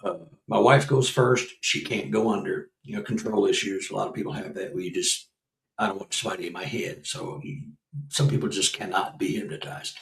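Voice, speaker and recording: A man in his sixties with a gravelly, fry-edged voice spins a story in casual conversation, animated and laughing as he acts out quotes. He sits back from the mic, and the sound is roomy. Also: on the low side, normal speed, distant mic. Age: 60s. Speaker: guest researcher and author.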